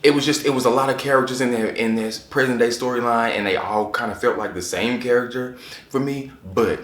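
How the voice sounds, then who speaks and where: A man chatting casually to camera as a book reviewer, animated and repeating phrases for emphasis. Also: medium pitch, brisk. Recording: echoey room.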